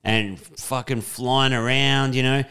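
A man's voice: mid-range voice, steady tone, slow, sharp tone, smooth. A young Australian man co-hosting a podcast, easygoing and encouraging, laughing often. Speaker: podcast co-host. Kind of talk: casual chat.

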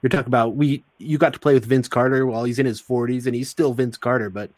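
A man's voice: mid-range voice, steady tone, fast talker, darkish tone, no room sound. A man hosting a podcast, asking questions in a chatty way and laughing along with his guest. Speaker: podcast host. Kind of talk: casual interview.

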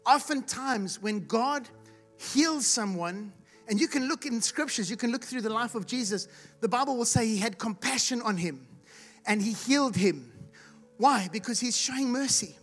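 A preacher giving a sermon to a live congregation, asking rhetorical questions and calling for responses, at times rising to loud shouts. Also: medium pitch, expressive, moderate pace, soft background music. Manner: rises to loud shouts when acting out the blind man's cries. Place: church hall with live congregation.

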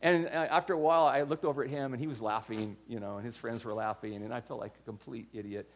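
A man's voice: medium pitch, fairly even intonation, fast. An older man giving a sermon, telling stories in a conversational way with frequent restarts and repeated words. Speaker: pastor.

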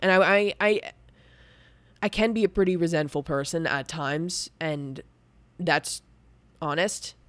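A woman's voice: sits low, a little slow, long pauses, no room sound. Candid young woman, dry close sound. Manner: rambling, many restarts and "like" fillers. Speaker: podcast host. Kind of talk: candid personal talk.

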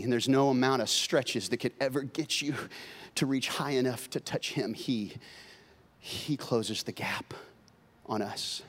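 A man preaching a sermon as pastor, swinging from loud, excited bursts to quiet, earnest passages. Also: mid-range voice. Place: church sanctuary. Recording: long reverb of a large hall.

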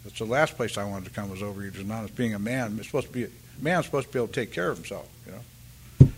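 An older man giving a halting, rambling personal share at a recovery meeting, full of restarts and "you know," and acting out the voices of the people in his story. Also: fairly low pitch, darkish tone, a little hiss or hum. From California, US. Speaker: speaker sharing at a recovery meeting.

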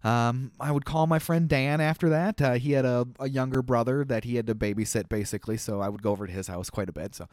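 A man's voice: mid-range voice, fast talker, few pauses, a little mellow, dry recording, studio quality. A man in his thirties from Minnesota hosting a podcast, chatty and playful with easy laughs. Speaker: podcast host. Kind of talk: casual chat.

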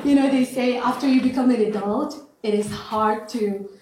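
Standing at the pulpit of a church sanctuary, a guest speaker from India shares a sincere testimony with light self-deprecating humor in her Indian accent. Her slightly mellow voice sits on the high side and moves at a moderate pace, with the hall's echo audible in the recording.

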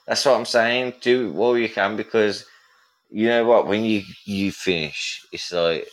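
A man's voice: on the low side, moderate pace. A man with an English accent chatting casually and animatedly on a podcast, swearing often. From England. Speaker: podcast co-host. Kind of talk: casual chat. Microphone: remote call.

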